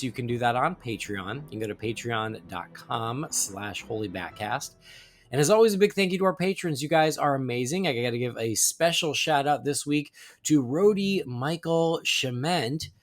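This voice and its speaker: Animated male podcast host. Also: medium pitch, moderate pace, soft background music. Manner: chatty, animated, reads plugs then banters. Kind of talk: casual podcast chat.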